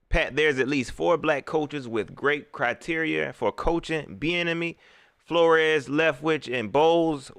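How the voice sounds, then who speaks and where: Bright, lively male host, emphatic casual live-stream rant, dry close sound. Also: a little high, dry recording. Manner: animated, emphatic, repeats phrases.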